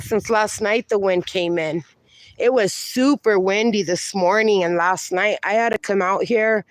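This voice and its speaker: Slow-talking woman livestreaming from her backyard. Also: medium pitch, no room sound. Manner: slow, affectionate, reads chat comments aloud. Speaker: livestream host. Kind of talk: casual livestream chat. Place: outdoors in a backyard.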